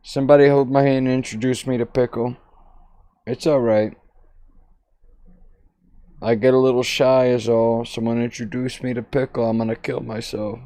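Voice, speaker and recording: A man's voice: mid-range voice, fairly even intonation, moderate pace, pauses often, mellow, clear, resonant tone, dry recording. A man streaming a VR game, chatting casually, rambling and goofy with sing-song repetitions on a headset mic.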